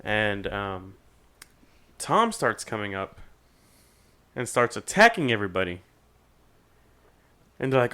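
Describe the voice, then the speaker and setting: A young man telling a long, animated story in casual podcast chat, swearing freely and acting out other people's voices. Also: lowish voice, slow, pauses often, smooth. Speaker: podcast guest.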